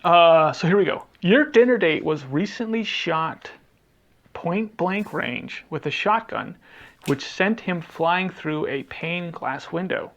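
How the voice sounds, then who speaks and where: In a loose podcast conversation, the co-host drifts and trails off while hunting for titles and the right words. He speaks slowly and expressively, his voice on the high side and a bit bright. The highs in the recording are cut off.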